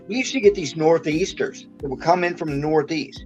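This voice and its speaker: A man's voice: a little high, brisk, a little mellow, soft background music. A man telling rambling stories in casual chat, swearing offhand. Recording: dull lo-fi mic.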